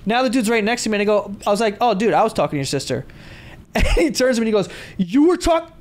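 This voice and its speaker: A man's voice: high voice, expressive, very fast. A man co-hosting a podcast, telling a rambling anecdote in casual chat, laughing and swearing. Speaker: podcast co-host.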